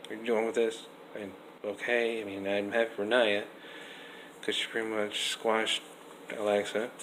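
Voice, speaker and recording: A man's voice: on the low side, normal speed, rough recording. Rambling young guy reviewing wrestling. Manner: rambling, animated, lots of restarts and fillers. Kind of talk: casual video review. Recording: faint background noise.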